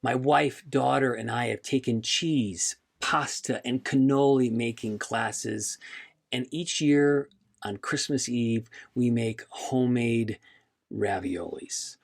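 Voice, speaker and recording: Slow, gravelly-voiced man telling his story. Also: mid-range voice, steady tone. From United States. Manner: slow, reflective and heartfelt. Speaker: podcast host. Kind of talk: scripted personal narration.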